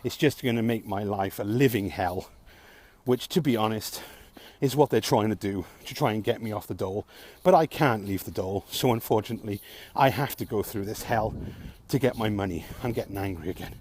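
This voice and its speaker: A man's voice: lowish voice, fairly quick, darkish tone. A man talking alone to camera in a frustrated, sarcastic rant, swearing often. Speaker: vlogger. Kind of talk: ranting vlog monologue.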